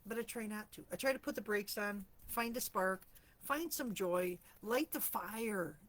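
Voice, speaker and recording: A woman hosting a casual live chat, telling stories in a chatty way, clearing her throat often, her morning voice slightly rusty. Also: mid-range voice, normal speed, fairly bright tone. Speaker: host of a live stream for empaths.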